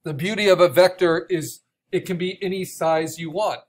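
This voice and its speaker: Man lecturing, raspy from a cough. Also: high-pitched, moderate pace. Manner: explanatory, with frequent restarts and "right?" checks. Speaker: art instructor. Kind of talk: recorded online course lecture.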